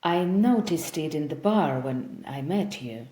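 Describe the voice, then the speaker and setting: A woman's voice: sits low, lively intonation, measured pace, warm tone. A woman voicing a nervous young male interviewer who asks eager, hesitant questions. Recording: roomy echo.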